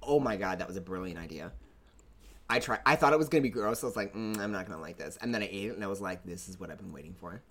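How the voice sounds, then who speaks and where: Lively, playful male podcast co-host. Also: sits low, quick pace. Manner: animated, playful storytelling with laughs. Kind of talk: casual chat.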